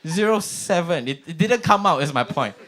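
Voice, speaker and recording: A man's voice: on the high side, expressive, normal speed, a bit bright. A young man with a Singaporean accent hosting an open mic, chatty and self-mocking. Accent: Singaporean English. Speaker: comedy open mic host. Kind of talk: stand-up comedy.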